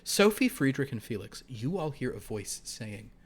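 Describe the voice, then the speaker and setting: A man narrating a horror tabletop game as game master, halting with fillers and dropping to hushed asides. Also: mid-range voice, big pitch swings, breathy edge. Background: background music.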